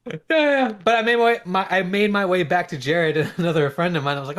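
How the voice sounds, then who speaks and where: A man co-hosting a podcast, telling a story in a lively way and acting out the people in it. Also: high-pitched, quick pace. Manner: animated, acts out quoted voices. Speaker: podcast co-host. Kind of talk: casual storytelling chat.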